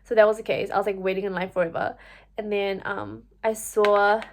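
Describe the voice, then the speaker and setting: A woman's voice: mid-range voice, brisk, vocal fry, a little hiss or hum. A young woman, telling a personal story to camera in a chatty way, full of fillers and "like". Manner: chatty, full of fillers, animated when quoting herself. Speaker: vlogger.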